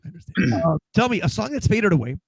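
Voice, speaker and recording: High-voiced male DJ host, casual interviewer, dry close recording. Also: very animated, fast talker, gravelly, breathy edge, no room sound. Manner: brief prompts and laughs. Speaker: radio or podcast host, DJ.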